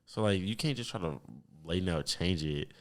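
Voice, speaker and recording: Young male podcast host from Texas, very low voice, loose and profane casual talk. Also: fairly quick. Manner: relaxed, rambling, profane. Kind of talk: casual chat.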